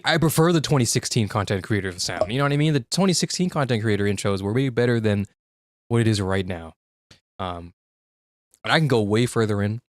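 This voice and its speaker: A man's voice: medium pitch, dry recording, studio quality. A young man streaming in casual chat, frank and profane, often restarting his sentences.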